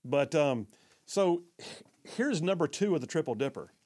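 Folksy talk radio host. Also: male voice, fairly high pitch, lively intonation, normal speed, darkish tone. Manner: folksy, chatty, stumbles over words. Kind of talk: talk radio reading listener texts.

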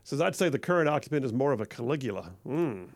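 A man's voice: mid-range voice, very animated, quick pace, dry recording. A man hosting a conservative talk radio show, chatting casually and acting out movie quotes with gusto. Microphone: studio microphone.

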